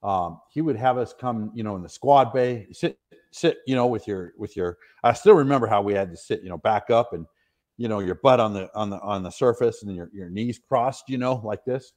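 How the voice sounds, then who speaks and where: This middle-aged US Army retiree has a fairly low, somewhat mellow voice and a moderate pace. As a guest on a podcast, he rambles earnestly through his stories in relaxed interview style and laughs a lot.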